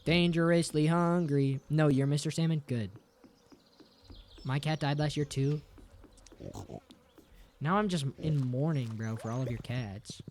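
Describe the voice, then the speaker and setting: A man streaming a game reads chat aloud and fires back crude, profane jokes with mock-dramatic, playful teasing. His mid-range, darkish voice is a little slow with frequent pauses, over faint game music and slight hiss.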